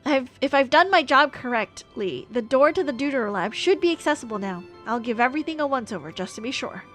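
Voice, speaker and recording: Woman doing a practical engineer girl, quick and matter-of-fact, high voice. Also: animated, a bit bright, soft background music. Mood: focused. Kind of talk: live voice acting of game dialogue.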